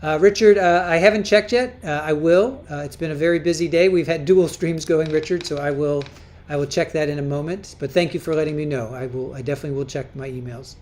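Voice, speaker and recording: A woman's voice: low voice, brisk, hardly any pauses, darkish tone, slight background noise. A woman hosting a casual livestream, chatting as she reads viewer comments aloud, often repeating and restarting her words. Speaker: livestream host.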